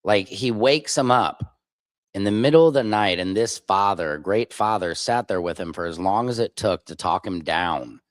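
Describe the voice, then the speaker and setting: Male stream host, low voice, blunt opinionated reaction commentary, dry mic. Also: lively intonation, normal speed, dry recording.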